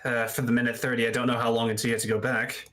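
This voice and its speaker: A man in a tabletop game session speaks in a relaxed way, often voicing his character for long stretches. His voice is of ordinary pitch. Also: racing. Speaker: player. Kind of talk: tabletop role-play, in and out of character.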